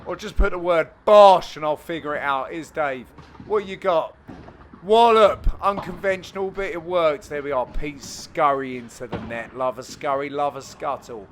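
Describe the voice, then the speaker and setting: A man with a Cockney accent giving cheeky, banter-filled commentary over amateur match footage, with sudden loud exclamations. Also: on the high side, moderate pace, slight background noise. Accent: London Cockney.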